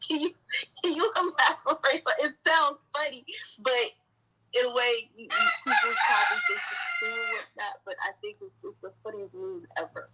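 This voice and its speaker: Woman guest in casual chat; lively swooping pitch, giggles through a halting story. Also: slightly rough, rough recording. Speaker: guest chatting with the host.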